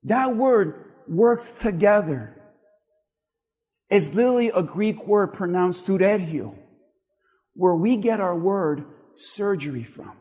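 High-pitched guy preaching, keeps asking the crowd questions, big echoey church hall. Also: lively intonation, slow pace, long pauses, mellow. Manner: preaching with rising intensity, rhetorical questions to the congregation. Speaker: pastor. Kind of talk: sermon.

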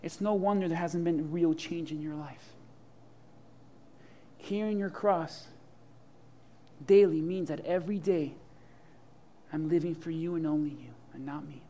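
A man preaching a sermon with humor and imagined dialogue, swinging from loud to hushed. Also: fairly high pitch, measured pace, long pauses, a little hiss or hum. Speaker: pastor.

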